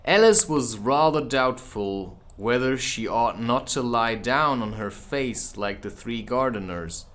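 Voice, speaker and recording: A man's voice: medium pitch, a little hiss or hum. A man reading a children's classic aloud as an audiobook, with casual asides. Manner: unhurried, expressive, drops in casual asides. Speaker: audiobook reader. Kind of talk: audiobook narration.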